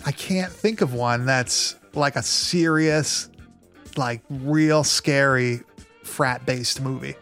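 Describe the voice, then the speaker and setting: A man hosting a casual podcast, jokey and quick to laugh. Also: medium pitch, a bit bright, soft background music. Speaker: podcast host.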